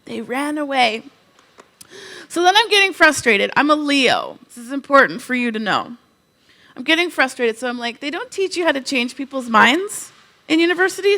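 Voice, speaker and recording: A high-pitched woman from Canada delivers a conference keynote. She tells funny, animated stories and acts out quoted asides. Her voice is bright and forward. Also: normal speed. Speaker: keynote speaker.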